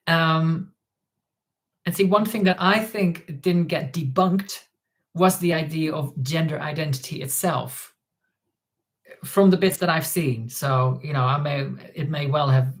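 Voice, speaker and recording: A woman hosts a casual livestream and talks off the cuff. She trails off, restarts her sentences and fills the gaps with ums as she replies to comments from the chat. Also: deep voice. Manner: rambling, hesitant, many ums and restarts, reading out chat comments. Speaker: livestream host.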